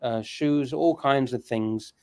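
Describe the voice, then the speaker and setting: Brief: man, smooth resonant voice, dry close sound, explanatory. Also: medium pitch, takes it slowly, darkish tone, dry recording. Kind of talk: casual group chat.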